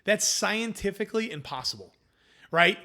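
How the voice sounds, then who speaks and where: A man with a somewhat high, bright, forceful voice tells the story of his food business in a relaxed interview. He talks in an animated way and acts out what people said to him. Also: moderate pace. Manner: animated, acts out quoted dialogue. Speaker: food company founder.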